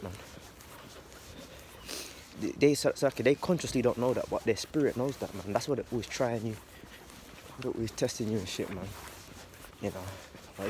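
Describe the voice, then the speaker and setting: A man's voice: lowish voice, darkish tone, a little hiss or hum. A man talking casually about faith in a loose, slangy monologue, swearing and ending lines with "man.". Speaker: religious vlogger.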